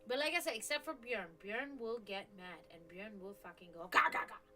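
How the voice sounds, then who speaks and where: Bright-voiced woman chatting on a stream. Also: medium pitch, lively intonation, a little fast, faint music behind. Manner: rambling, chatty, swears casually, many restarts. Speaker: stream host. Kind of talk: casual live-stream chat.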